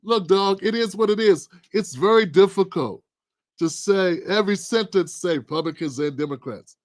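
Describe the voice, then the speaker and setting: A man hosting his own political commentary livestream, talking in an animated, preachy, colloquial way. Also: high voice, normal speed, dry recording, studio quality. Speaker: livestream host.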